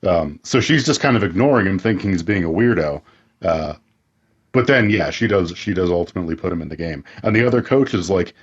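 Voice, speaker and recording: A man's voice: sits low, expressive, a little fast, slightly rough. A man co-hosting a podcast, recapping a movie in laid-back casual chat and swearing now and then. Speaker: podcast co-host. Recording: dull lo-fi sound.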